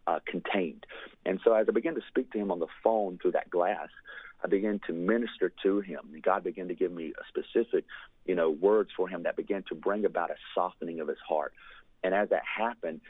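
A deep, husky male voice, dry and tinny as if over a phone, with no room sound. He earnestly recounts a fervent ministry testimony, sprinkling in plenty of "you know."

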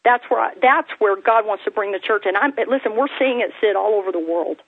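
A woman minister telling a testimony story in an earnest, animated way, acting out the people she quotes. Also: mid-range voice, a little fast, no echo. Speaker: guest minister. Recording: tinny phone-like line.

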